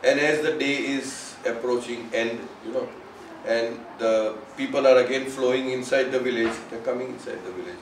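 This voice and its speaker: A man's voice: medium pitch, normal speed, a little hiss or hum. A man telling a spiritual parable in an informal, conversational way, often saying "you know". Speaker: storyteller at a spiritual gathering. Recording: roomy, mic at a distance, faint ambience.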